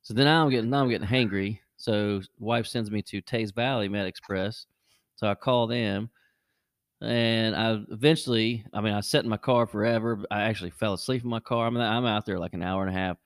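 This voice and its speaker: Animated man telling a story, dry sound. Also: fairly quick, no room sound. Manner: animated, jumps high when acting out quotes. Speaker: podcast host. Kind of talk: casual storytelling.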